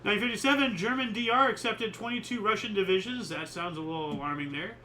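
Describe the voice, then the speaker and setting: Casting: male host, high bright voice, rambling opinionated chat, faint background hiss. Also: fast talker, rough recording. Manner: rambling, opinionated, many fillers. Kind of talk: casual chat reading history dates.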